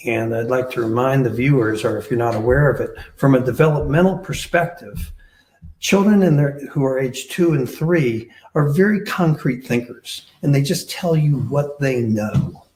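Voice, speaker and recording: A man's voice: mid-range voice, normal speed, a little mellow. Guy on a panel, lots of uhs and ums, room echo all over. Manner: hesitant, many filler sounds. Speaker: researcher answering questions. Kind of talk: panel discussion answer. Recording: echoey room.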